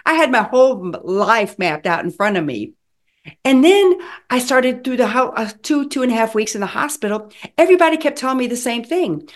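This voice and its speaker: A woman in her sixties telling her own story in an animated, dramatic way, acting out the lines of people in it. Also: on the high side, brisk. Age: 60s. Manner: animated, dramatic retelling with acted quotes. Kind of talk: personal storytelling.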